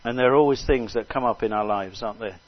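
An older man preaching a sermon with fervour, repeating phrases and crying out hallelujah between soft asides. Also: mid-range voice, fast, no room sound. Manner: fervent, swings between loud exclamations and soft asides. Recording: dull lo-fi recording.

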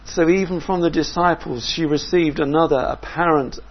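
A man preaching a sermon in a measured, reflective way, often asking his listeners questions. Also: fairly high pitch, fairly even intonation, breathy edge, muffled recording.

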